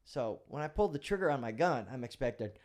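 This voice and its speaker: A man's voice: mid-range voice, expressive, fast talker, a little mellow. A middle-aged man, a retired police officer, telling a vivid personal story as a guest in a casual interview, now and then swearing.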